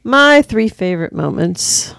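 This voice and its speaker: A woman co-hosting a casual movie review chat, talking in halting starts and laughing often. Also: lowish voice, very animated, gravelly, fairly bright tone, no room sound, studio quality. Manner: halting, lots of restarts and laughs. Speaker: podcast co-host.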